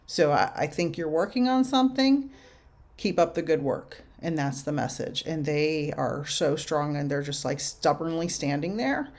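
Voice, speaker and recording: An older woman working as a medium, giving readings and answering viewer questions on a livestream in a slow, musing way with soft laughs. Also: deep voice, expressive.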